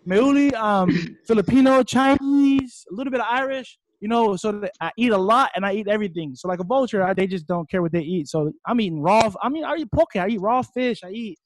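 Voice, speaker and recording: Excitable high-voiced young man. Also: brisk, few pauses. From Hawaii. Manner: excitable, rambling, bursts into loud shouts. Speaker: fighter telling his story. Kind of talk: casual interview talk.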